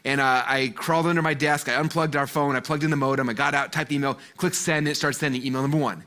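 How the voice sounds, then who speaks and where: A man in his forties speaking to a live seminar audience, telling a lively story full of fillers and acted-out voices. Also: medium pitch, fast. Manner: animated, acts out the voices in his stories, many fillers. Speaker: guest speaker at a business seminar.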